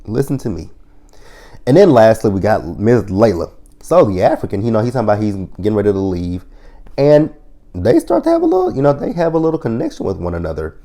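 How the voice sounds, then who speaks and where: Male reviewer with a deep, mellow voice and a goofy, foul-mouthed recap style. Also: fairly quick. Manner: profane, goofy, animated retelling. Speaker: TV episode reviewer. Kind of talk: casual episode recap.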